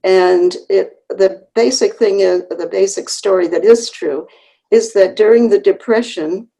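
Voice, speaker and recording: A woman in her eighties from Connecticut, an author recalling her family's story in an unhurried, earnest way over a video call, with pauses and restarts. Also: medium pitch, gravelly, mellow, low-quality recording. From Connecticut, USA. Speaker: author, interview guest. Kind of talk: reminiscing conversational storytelling.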